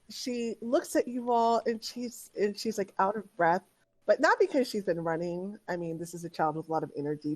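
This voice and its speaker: A woman narrating as game master over an online voice chat, chatty and halting with many fillers. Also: medium pitch.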